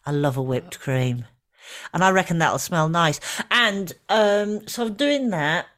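A middle-aged woman co-hosting a podcast in casual chat, talking easily with fillers and gentle teasing. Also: on the low side, animated, a little slow. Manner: chatty, warm teasing, trailing fillers. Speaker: podcast co-host.

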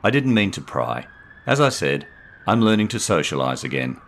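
A man voicing a smooth, recently divorced lawyer with an eager, charming manner. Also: low-pitched, sing-song, moderate pace, a bit bright, heavily acted.

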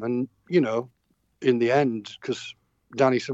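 A man's voice: mid-range voice, normal speed, dark tone, dry recording, lo-fi sound. A middle-aged man from Sheffield with a Yorkshire accent, a touring musician telling long rambling anecdotes full of fillers and restarts. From Sheffield, England. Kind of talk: anecdotal interview chat.

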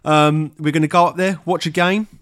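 A man from England co-hosting a casual sports podcast, chatty and quick to laugh, hyping up announcements. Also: a little high, steady tone, fairly bright tone, dry recording, clean studio sound. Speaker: podcast co-host. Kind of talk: casual chat.

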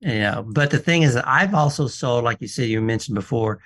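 A man's voice: mid-range voice, fairly quick. A man who appraises watches, telling stories as a guest on a casual radio show, acting out the people in them as he goes. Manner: animated storyteller, quotes people in dialogue, frequent restarts.

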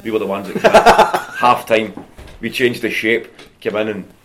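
A Scottish man with a somewhat low voice tells chatty stories as a podcast guest. He is animated and talks in a loose, casual way. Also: normal speed, a little hiss or hum. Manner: chatty, animated anecdotes with frequent laughing. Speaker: guest comedian. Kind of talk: casual storytelling.

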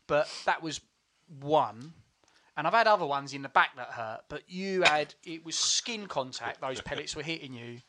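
A man's voice: fairly high pitch, animated, moderate pace, noisy background. A man telling a rambling anecdote in casual chat, swearing freely.

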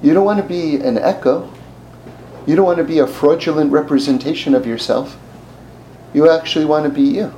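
A man's voice: on the high side, fairly quick, a little hiss or hum, poor audio. A man giving a sermon, telling stories and acting out the voices in them, with frequent laughs. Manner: animated, acts out voices in the stories, laughs often. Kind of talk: sermon with storytelling.

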